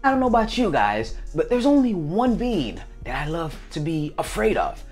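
A man vlogging casually to his viewers, animated and acting out little scenes in different voices. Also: fairly high pitch, normal speed, faint music behind. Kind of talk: casual talk to camera.

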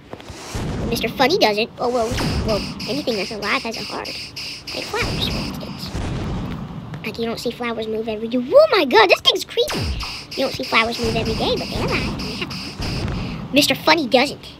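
A young woman giving lively running commentary on a scary game as host of a gaming channel, chatty and jumpy. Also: on the high side, brisk, noisy background. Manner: excitable, jumpy, chatty, yelps and laughs at scares. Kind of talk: live gameplay commentary.

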